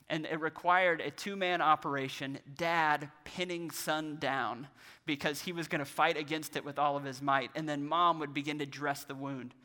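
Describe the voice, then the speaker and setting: A man's voice: fairly high pitch, pushed and bright. A man preaching a sermon as a pastor, telling a family story with earnest energy and acting out the voices he quotes. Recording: long hall reverb.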